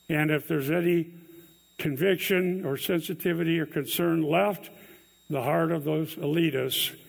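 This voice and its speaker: A man preaching a sermon in a slow, deliberate way, leaning hard on the words he stresses. His voice is gravelly and a little husky. It sits fairly high for a man. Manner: earnest, emphatic preaching with drawn-out stressed words. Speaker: pastor. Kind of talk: expository sermon.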